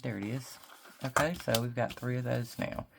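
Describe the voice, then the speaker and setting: A Mississippi woman with a Southern drawl chats to the camera as a craft vlogger, thinking aloud and stretching out her words while she works on a project at her desk. Her voice is rumbling and low, creaky, with fairly even intonation, and there's background noise behind her.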